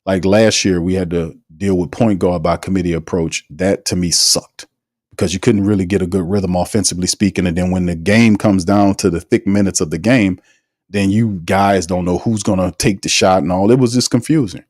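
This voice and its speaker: A man's voice: deep voice, steady tone, normal speed, darkish tone, no echo, clean studio sound. A man hosting a casual sports podcast, talking in an emphatic, slangy, teasing way and reading out live chat comments. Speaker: podcast host.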